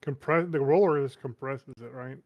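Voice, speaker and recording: A man co-hosting in casual chat, chiming in with relaxed, practical points. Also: mid-range voice, moderate pace, dry recording, highs cut off.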